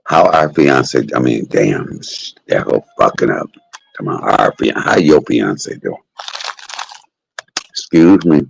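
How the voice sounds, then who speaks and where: Gravelly deep-voiced man, brash livestream host. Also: big pitch swings, slow, a little hiss or hum, rough recording. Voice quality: gravelly and husky. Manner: brash, joking, heavy cursing. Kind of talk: casual livestream chat with viewers.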